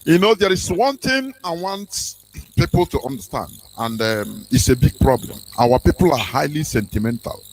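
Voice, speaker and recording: Male radio host, high and lively, preaching style. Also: normal speed, creaky, a little hiss or hum, low-quality recording. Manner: animated, sermon-like, with fillers.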